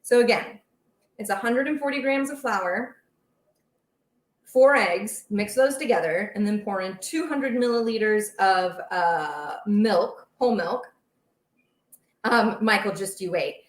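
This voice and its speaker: A woman's voice: mid-range voice, measured pace. Brief: young woman, chatty livestream baking host, rambling, a roomy echo in the kitchen. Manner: chatty, rambling, reads out viewer comments. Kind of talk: casual live-stream chat while cooking. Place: home kitchen.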